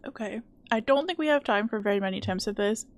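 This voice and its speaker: A woman's voice: medium pitch, fast. A woman streaming a video game live, chatting casually, joking at her own mistakes and swearing now and then. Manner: chatty, self-deprecating, swears casually, playful baby talk.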